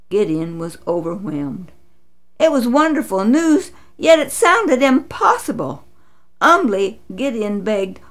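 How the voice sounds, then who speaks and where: Slow, expressive woman storyteller. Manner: dramatic, voices quotes with big pitch swings. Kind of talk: expressive scripted Bible story narration.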